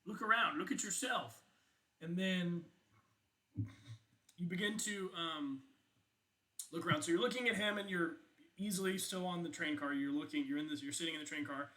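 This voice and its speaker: A man's voice: fairly high pitch, moderate pace, long pauses, sharp tone. A man narrating as game master of a tabletop game, chatty, with many fillers and laughs.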